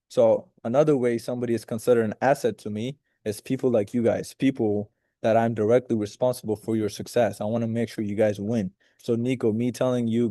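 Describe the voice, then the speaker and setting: Man, casual motivational talk, rambling and profane, mellow tone, dry sound. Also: mid-range voice, level tone, fast talker, no room sound. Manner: rambling, profane, addresses listeners directly. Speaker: mentor leading a group video call. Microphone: video call.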